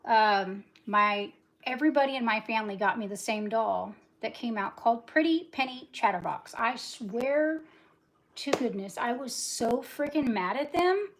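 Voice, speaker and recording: A woman's voice: a little high, lively intonation, slight background noise. A talkative woman in her forties, rambling through a casual livestream chat while she does dishes and cleans. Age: 40s. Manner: talkative, rambling, fast-talking. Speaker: livestream host.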